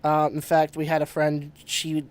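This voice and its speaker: A podcast host with a voice on the high side speaks in a monotone at normal speed as he tells a ghost story in casual chat. He swears a lot, rambles, laughs and restarts sentences, and the tone is clean.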